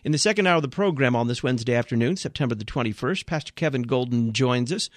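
Man hosting talk radio, mid-pitched, brisk announcer reads, dry close sound. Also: expressive, no room sound. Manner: brisk announcer reading promos and thanking guest. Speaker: radio show host.

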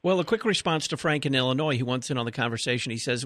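A man's voice: medium pitch, fast, hardly any pauses, fairly bright tone, no room sound, studio quality. A man hosting a radio talk show, reading out a listener's email in a plain, conversational way.

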